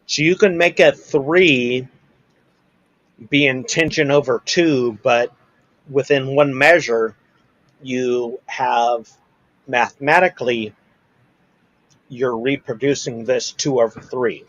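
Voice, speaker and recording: A man speaks slowly, patiently explaining rhythm and scatting beats aloud. The recording is dry and close, with no room echo. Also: mid-range voice, fairly even intonation, a bit bright, muffled recording. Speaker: musician guest. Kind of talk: casual chat.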